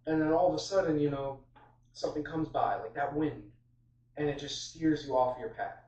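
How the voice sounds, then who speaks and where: A man's voice: fairly high pitch, normal speed, a little mellow. A man giving an informal sermon on a Bible passage, conversational and full of fillers and restarts. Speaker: preacher. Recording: roomy, distant, dull sound.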